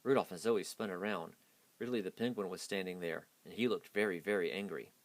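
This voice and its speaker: A man's voice: sits low, fairly quick. A man hastily reading a children's picture book aloud. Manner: hasty reading. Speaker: storyteller.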